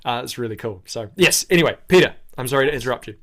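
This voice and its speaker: A man's voice: medium pitch, animated, rapid-fire, fairly bright tone. New Zealand man chatting as guest. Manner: rambling, self-correcting, polite. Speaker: guest actor. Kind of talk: casual interview chat.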